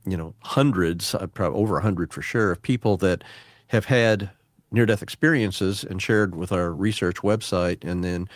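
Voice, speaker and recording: A man who researches near-death experiences, explaining his survey findings in a measured, methodical way. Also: low-pitched, no room sound, studio quality. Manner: measured, methodical, cites studies.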